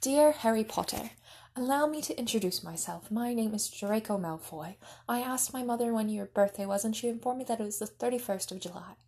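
A woman reading out a formal, polite letter from a young boy in a soft, hushed voice. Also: fairly high pitch, fairly quick, lightly acted.

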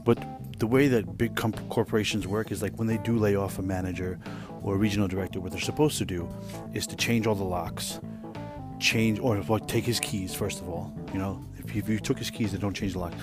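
A man hosting a podcast, telling a rambling, profane workplace story in a casual, animated way. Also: lowish voice, fairly quick, over music. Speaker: podcast host.

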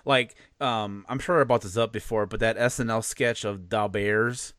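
A man's voice: fairly low pitch, steady tone, moderate pace, a bit bright, no echo, clean studio sound. A man in his late thirties with a Chicago accent, co-hosting a podcast in rambling casual chat, often stopping to restart and laugh. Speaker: podcast co-host.

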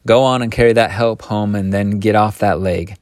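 A man reading aloud, voicing a proud, indignant farm woman in a flat, clipped, scornful tone. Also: lowish voice, normal speed, dry recording, studio quality, close to an everyday voice. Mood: stern.

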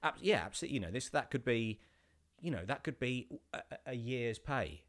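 A man, an actor, telling a casual anecdote with many restarts and animated bursts. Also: medium pitch, brisk. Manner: rambling with many restarts, rising to animated outbursts.

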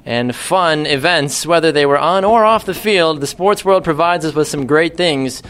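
Young man, quiz host, joking asides, slightly high voice. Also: moderate pace, a bit bright. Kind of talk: casual quiz hosting with banter.

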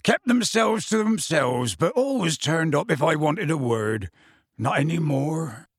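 A man reading a story aloud, voicing a huge, gruff, worried gamekeeper who talks in clipped, colloquial bursts. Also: on the high side, lively intonation, unhurried, no room sound, full character voice.

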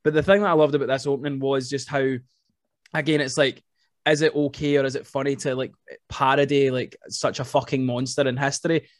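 A man hosting a podcast, chatting casually and excitedly about a film, rambling, swearing now and then, and filling his talk with "like". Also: medium pitch, brisk, no room sound, clean studio sound. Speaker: podcast host.

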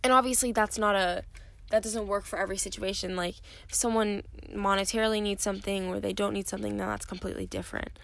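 A woman's voice: medium pitch, steady tone, fast talker, gravelly, fairly bright tone. A young woman hosting her own podcast, talking candidly and rambling with many fillers, tired and yawning. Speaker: podcast host. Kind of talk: casual solo podcast talk.

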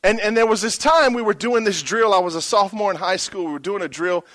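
A man's voice: high voice, fast, a bit bright. A middle-aged pastor preaching a sermon, telling a story and calling out to his congregation for a response.

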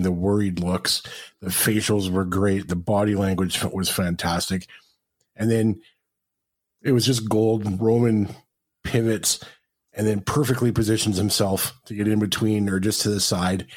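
A man co-hosting a podcast, retelling a match in casual chat and acting out the crowd's reactions. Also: lowish voice. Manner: animated storytelling, acts out crowd reactions. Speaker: podcast co-host.

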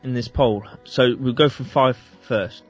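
A man's voice: medium pitch, unhurried, husky, highs cut off, faint music behind. A man from England co-hosting a casual radio chat, easygoing as he reads out a countdown. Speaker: radio co-host.

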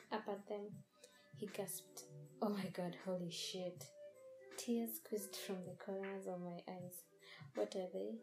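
A woman narrating a horror story at a measured, deliberate pace, her voice sitting in a middling register. Steady music plays underneath her reading. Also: mid-range voice, rough recording.

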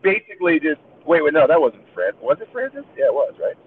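A man's voice: on the high side, big pitch swings, quick pace. A man in casual chat, rambling and joking with lots of fillers. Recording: tinny phone line with faint hiss.

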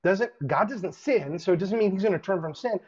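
A man delivering an online sermon in an animated, casual way, with colloquial asides and hushed emphasis. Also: high voice, brisk. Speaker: preacher. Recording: dull lo-fi recording.

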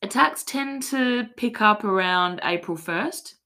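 A woman's voice: mid-range voice, expressive, slow pace, sharp tone. An Australian woman hosting a casual podcast, telling a tall tale in a mock-serious, playful way. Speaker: podcast host.

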